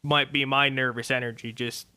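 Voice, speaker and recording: A man in his twenties, a race car driver, answering questions in a relaxed, rambling way on a radio interview. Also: medium pitch, normal speed, smooth. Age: 20s. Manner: easygoing, rambling with fillers. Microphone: studio microphone.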